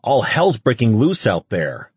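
A man's voice: medium pitch, huge pitch swings, unhurried, breathy edge, no room sound, pitched above the performer's own voice, exaggerated voice. A man voicing a blunt, profane male guard who barks out his words urgently. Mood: agitated. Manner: urgent, barking.

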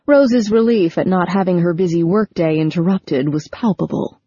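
A woman reading a novel aloud as audiobook narrator, in steady, even storytelling. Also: lowish voice, moderate pace, hardly any pauses, slightly rough, no room sound. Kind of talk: scripted narration. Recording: dull lo-fi recording.

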